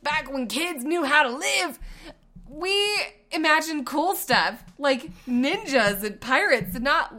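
A woman in her thirties co-hosting a casual chat, telling family stories in an animated way and laughing often. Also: sits high, slow. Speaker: podcast co-host.

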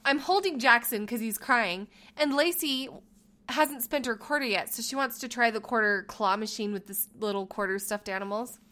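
A woman co-hosting a podcast, telling a story in a casual chat, animated and laughing, acting out the lines she quotes. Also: fairly high pitch, moderate pace. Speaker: podcast co-host.

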